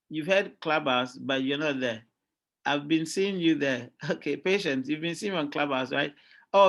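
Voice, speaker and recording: A middle-aged man with a Ghanaian accent, giving a lively classroom lecture as a university lecturer and often checking in with his students. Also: a little high. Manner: lively, keeps checking in with "all right?" and quizzing students.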